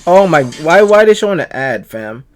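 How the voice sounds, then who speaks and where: A man's voice: a little high, big pitch swings, moderate pace, slight background noise. A man from Jamaica, chatting casually and tossing in slangy asides as he reacts to a video.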